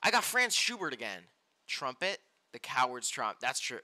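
Speaking at a moderate pace and medium pitch, a young man live-streams a game, reading out cards. His reactions are excitable, and he frequently lets out loud yelps of dismay.

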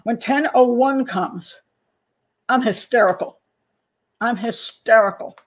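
A woman hosting a true-crime channel, analysing a case in a casual, animated way, pausing to check her notes and acting out people's reactions. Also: a little high. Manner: animated, talks to herself while checking notes, acts out panicked parents. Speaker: criminal profiler and channel host.

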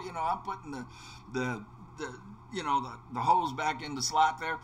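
A man's voice: on the high side, a little fast, fairly bright tone, a little hiss or hum. A man hosting a game video, telling a casual anecdote with many restarts, fillers and repeated words. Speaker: let's play host. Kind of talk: casual anecdote told while gaming.

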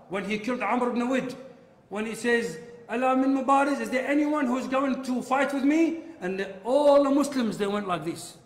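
A man giving an impassioned religious lecture that swells to near shouting at its peaks. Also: high-pitched. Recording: echoey hall with long reverb.

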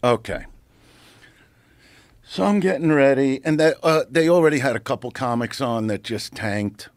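A man's voice: medium pitch, normal speed, no room sound, clean studio sound. A middle-aged man, telling a rowdy showbiz story in a casual podcast chat. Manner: animated, profane, acts out voices in anecdotes. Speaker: guest comedian. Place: podcast studio.

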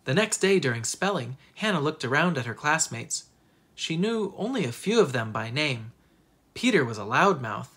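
An expressive teacher reads a children's storybook aloud, with pitch that rises and falls freely. The voice has a husky, slightly breathy texture. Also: moderate pace. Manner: expressive, lively narration.

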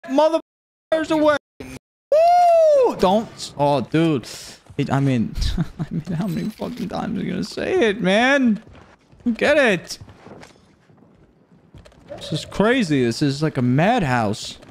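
A man streaming live gameplay, joking around, swearing casually and breaking into whooping shouts. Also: high voice, big pitch swings, slow, vocal fry, slight background noise. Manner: swears casually, talks to chat. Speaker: gaming streamer.

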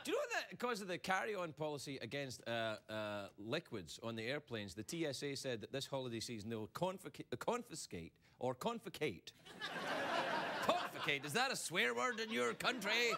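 A man's voice: a little high, fairly quick, few pauses. A man delivering a late-night comedy monologue as talk show host, joking and slipping into put-on voices. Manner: animated joking with frequent laughs and put-on voices. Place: TV studio before a live audience. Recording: loud studio audience laughter and noise.

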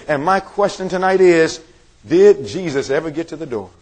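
A man's voice: on the high side, expressive, moderate pace, low-quality recording. A male evangelist preaching a sermon to a congregation in a meeting room, emphatic and quizzing his listeners with questions.

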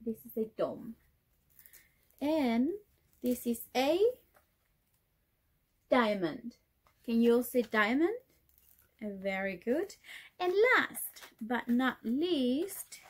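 A woman teacher speaking to small children in a video lesson. She talks slowly and sing-song, stretching each key word so they can repeat after her. Her voice is high and a little breathy. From Chile. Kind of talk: online class for young children.

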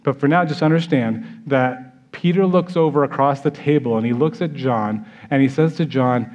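An American pastor preaches in a mid-pitched male voice, animated and acting out the scenes he describes. The recording sounds slightly muffled, like church sermon audio. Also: moderate pace, few pauses.

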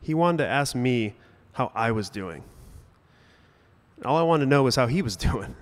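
A man's voice: mid-range voice, lively intonation, normal speed, pauses often, long reverb tail. A young adult man telling a personal story to a live audience, conversational with sudden emphatic bursts and comic timing. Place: stage at a brewery event.

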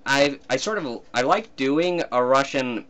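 Guy in a casual commentary chat, kinda halting, laughs a lot, normal middle voice. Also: mid-range voice, lively intonation, fairly bright tone, a little hiss or hum. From Finland. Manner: hesitant, often laughing between thoughts. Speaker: guest cartoonist.

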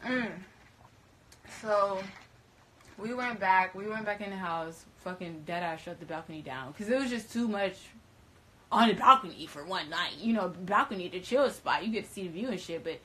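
A woman, casually retelling events in animated, profane, slangy storytelling. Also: mid-range voice, normal speed, slight background noise. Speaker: interviewee recounting events.

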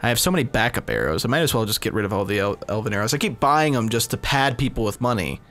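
Man, gamer commentary, rambling, self-mocking, gravelly, lively up-and-down pitch. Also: quick pace. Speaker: gaming video host. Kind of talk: casual let's-play commentary. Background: game sounds and music.

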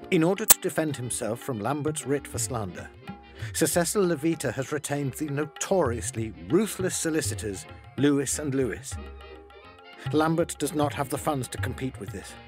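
A man narrating in a measured, matter-of-fact way. Clear music plays behind his voice in a radio drama. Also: mid-range voice, expressive. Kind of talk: scripted narration.

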